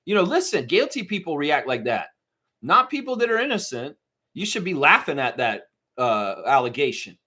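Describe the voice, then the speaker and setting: A man's voice: fairly high pitch, moderate pace. A man hosting a live stream, chatting casually, reading viewer comments and breaking into mocking outbursts. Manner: animated, swings into mocking impressions and shouts; reads and answers viewer chat.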